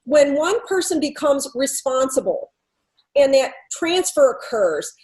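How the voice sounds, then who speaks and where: A woman with a high, light voice talks through a lesson from her consulting work. She tells it as a story, acting out both sides of the dialogue and posing question after question. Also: big pitch swings, measured pace, darkish tone, low-quality recording. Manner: conversational, re-enacts dialogue, Socratic questioning. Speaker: workplace culture consultant. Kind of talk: storytelling talk to a business audience.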